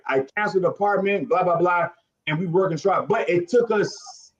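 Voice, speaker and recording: A man in his forties from Chicago, hosting a casual chat and giving animated, preachy advice. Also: high-pitched, normal speed, dull audio. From Chicago, USA. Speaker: host.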